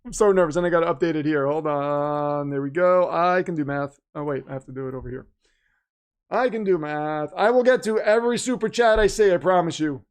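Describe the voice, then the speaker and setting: Keyed-up guy streaming and reading super chats, kinda high voice, gets loud then quiet, nervous energy. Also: fast, hardly any pauses, smooth. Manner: excitable, talkative, jumps between loud and quiet. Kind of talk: casual livestream chat.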